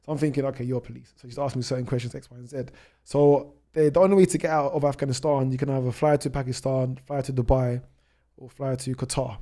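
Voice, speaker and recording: Fast-talking British man telling travel stories. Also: medium pitch, steady tone, dark tone. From United Kingdom. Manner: rapid anecdotes with many restarts. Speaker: guest, travel YouTuber. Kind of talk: storytelling in a podcast interview.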